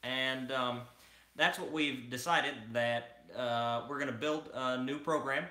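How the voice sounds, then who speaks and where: A man doing an impression of a male US president, speaking slowly and deliberately with long pauses. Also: mid-range voice, fairly even intonation, pushed and bright. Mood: solemn. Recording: echoey room.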